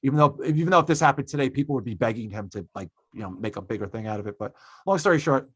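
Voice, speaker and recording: A man's voice: medium pitch, animated, racing, slightly rough, no echo. A man hosting a podcast, ranting emphatically in casual opinionated chat and swearing freely. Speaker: podcast host.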